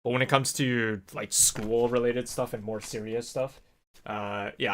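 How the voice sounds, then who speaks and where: A man's voice: medium pitch, steady tone, normal speed, fairly bright tone, a little hiss or hum. Rambling casual man telling a story. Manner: rambling, many fillers and restarts, laughs at his own story. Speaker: vlogger. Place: Japan.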